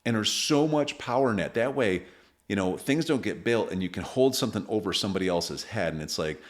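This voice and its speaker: A man's voice: fairly low pitch, lively intonation, fairly quick. A man co-hosting a parenting podcast, talking earnestly and telling stories, often restarting his sentences. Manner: earnest, storytelling with frequent restarts. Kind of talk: casual podcast conversation.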